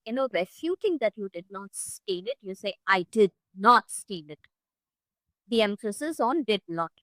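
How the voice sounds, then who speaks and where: A woman teaches English one-on-one over a video call, her voice bright and forceful and pitched a little high. She speaks expressively, leaning hard on stressed words and holding deliberate pauses. The sound is dry and close, with no room around it. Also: dry recording, poor audio. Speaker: English tutor. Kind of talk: one-on-one online English lesson.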